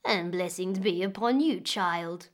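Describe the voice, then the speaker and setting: A woman voicing a strange, kindly old woman with a crooked body, speaking slowly and soothingly. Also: fairly low pitch, close to an everyday voice. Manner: slow, soothing.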